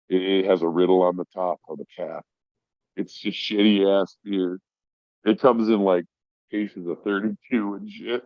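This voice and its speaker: A man's voice: sits low, dry recording. A middle-aged man telling a rambling, profane story in casual talk, acting out the voices of the people in it. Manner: profane, rambling, acts out voices in his stories. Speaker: podcast guest. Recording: dry, dull lo-fi audio.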